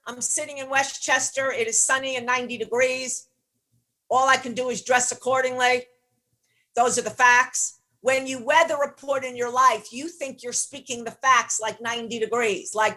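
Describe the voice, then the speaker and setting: A woman's voice: sits high, fairly even intonation, normal speed, pushed and bright. A middle-aged woman coaching on leadership, teaching in a blunt, emphatic way with casual swearing. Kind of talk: motivational teaching session.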